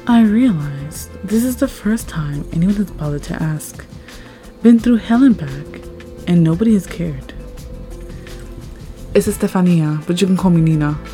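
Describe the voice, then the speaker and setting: A woman reading a first-person story aloud, expressive and rising at tense moments. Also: fairly low pitch, a little slow, long pauses. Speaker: story narrator. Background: faint background music.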